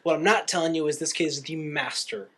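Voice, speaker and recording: Here a young man co-hosting a podcast speaks briskly, his voice on the high side. He gives an informal rundown of a film, storytelling with gusto and performing the quotes.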